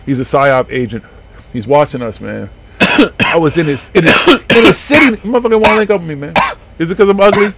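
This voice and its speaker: A man's voice: fairly high pitch, fairly quick, vocal fry. A man hosting a live paranormal talk radio show, rambling and swearing freely in casual chat. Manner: profane, rambling, animated. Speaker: host. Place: small home studio.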